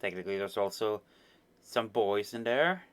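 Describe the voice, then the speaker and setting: A man reading a webcomic aloud on a live stream, chatting in a relaxed way between lines. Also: fairly low pitch, moderate pace.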